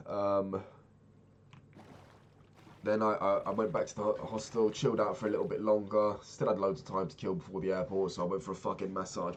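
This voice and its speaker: A young man with a deep voice casually recounts a travel story for his vlog, rambling, animated and profane. The highs are cut off in the recording.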